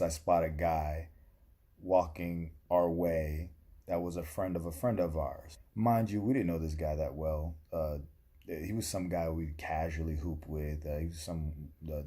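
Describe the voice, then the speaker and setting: Young man, dry comic storyteller, deep and husky, casual vlog feel. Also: fairly even intonation, moderate pace, dark tone. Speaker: vlogger.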